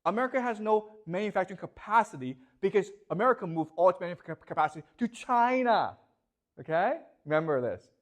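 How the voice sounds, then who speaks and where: A man's voice: high-pitched, animated, fast talker. A man giving a classroom lecture, posing rhetorical questions and constantly checking that his students follow.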